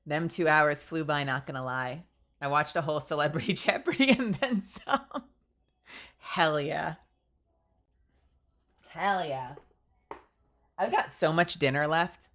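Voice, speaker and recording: A woman's voice: sits low, measured pace, long pauses. A young woman streaming as a VTuber, chatting casually and rambling with lots of "like", her nose stuffy. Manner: chatty, rambling, animated, fillers of "like".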